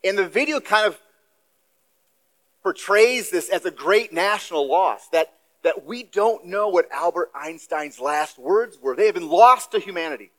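A man with a fairly high voice delivers a sermon in a church. He preaches in an easy, conversational way and drops in offhand asides, as a guest speaker would. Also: animated, unhurried, fairly bright tone, low-quality recording. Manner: conversational, self-deprecating asides.

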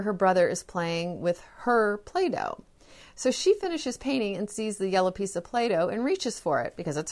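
A woman hosting a parenting podcast, explaining patiently in solo talk and acting out short lines of children and parents in her examples. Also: medium pitch.

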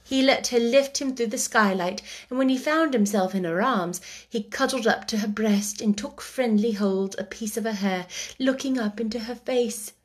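A woman reading a children's book aloud chapter by chapter, soft and gentle, dropping to a whisper at tense moments. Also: on the high side, moderate pace. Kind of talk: chapter-by-chapter read-aloud storytelling.

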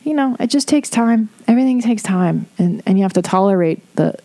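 A middle-aged woman talks through listener problems in a loose, candid way, with frequent swearing and quick laughs. Her voice is mellow and warm and sits at an ordinary pitch. It sounds like an unscripted podcast chat. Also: lively intonation. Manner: frank, swears freely, laughs often. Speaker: podcast host giving advice. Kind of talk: casual advice chat.

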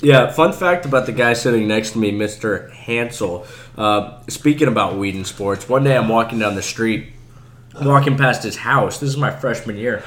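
A man's voice: medium pitch, moderate pace, a bit bright. A man co-hosting a casual sports podcast, blunt and mocking, swearing freely. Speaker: podcast co-host. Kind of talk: casual sports chat over drinks. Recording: roomy echo.

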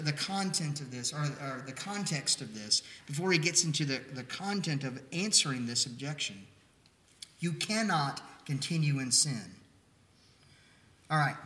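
A male pastor preaching with a bright, forceful tone and a voice pitched a little high for a man. He explains scripture conversationally and then drives home key lines with emphatic bursts. The sound carries the roomy echo of a sanctuary. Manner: emphatic, rising to near-shouts on key lines. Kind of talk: sermon.

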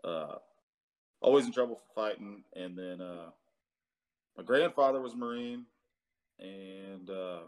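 A man's voice: sits low, measured pace, long pauses, darkish tone. A man in his thirties, a Marine veteran, telling his story in a casual interview with many fillers and some cursing.

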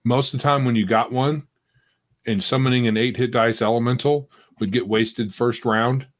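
A man's voice: mid-range voice, fairly even intonation, moderate pace. A man co-hosting a casual tabletop game podcast over a video call, laid-back with brief replies. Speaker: podcast co-host.

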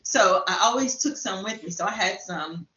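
Woman, casual chat, fast animated storyteller, mid pitch, echoey room. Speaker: guest. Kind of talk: casual chat, telling an anecdote. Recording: roomy, slightly dull sound.

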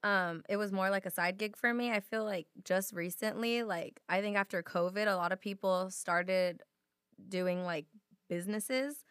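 A young woman co-hosting a podcast in casual chat, her voice a bit hoarse from a sore throat. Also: mid-range voice, normal speed, no room sound, studio quality. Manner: relaxed, chatty, lots of fillers. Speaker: podcast co-host.

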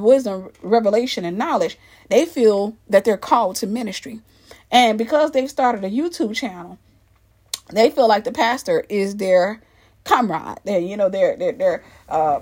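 Woman, animated church-culture commentator, pitched a touch high, emphatic delivery. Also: breathy edge. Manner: emphatic and animated, acts out the people she mocks.

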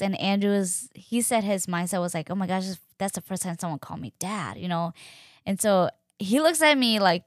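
A woman's voice: on the low side, brisk, no room sound. Chatty young woman, close and dry. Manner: animated, acts out quoted dialogue with many fillers. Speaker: podcast host. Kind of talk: casual storytelling.

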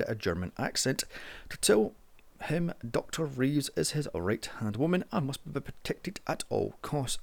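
A man's voice: mid-range voice, creaky. A man narrating a casual movie review in a sarcastic, sweary way.

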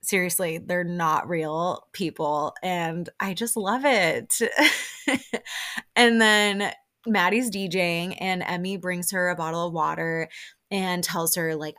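A woman hosting a podcast, recapping a reality show in a chatty, animated way and acting out the quotes. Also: lowish voice, slow. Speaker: podcast host.

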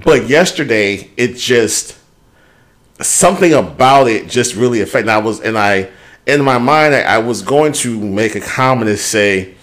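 A man's voice: mid-range voice, lively intonation, normal speed, a bit bright. A man co-hosting a podcast, chatting casually and candidly about his week, swearing freely as he talks it through. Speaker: podcast co-host. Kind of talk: casual chat.

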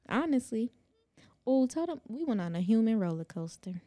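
Animated storytelling woman, AAVE. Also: a little high, normal speed. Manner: animated storyteller, acts out voices, loud laughs. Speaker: podcast co-host. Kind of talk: casual chat.

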